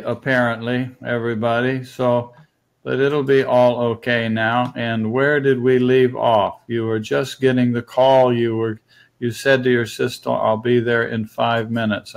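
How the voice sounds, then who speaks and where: A man hosting a conversation as a spiritual teacher, gently prompting his guest with questions. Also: medium pitch, flat delivery, moderate pace, creaky, rough recording. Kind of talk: conversational interview.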